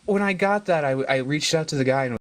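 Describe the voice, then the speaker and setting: A man as an interview guest, telling stories animatedly with frequent laughs and sudden jumps in pitch. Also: brisk. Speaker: guest, cookbook author. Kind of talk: casual interview chat.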